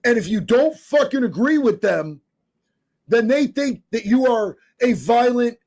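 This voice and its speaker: A man's voice: very high voice, lively intonation, a little slow, darkish tone. A man from Oregon reading viewer comments on a live stream, fiery, profane and emphatic.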